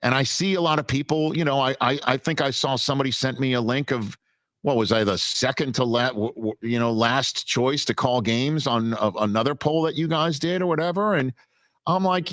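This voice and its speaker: A man's voice: medium pitch, moderate pace, no room sound. Man telling stories, dry close sound. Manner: animated storyteller with many restarts. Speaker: guest broadcaster. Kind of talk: casual interview talk.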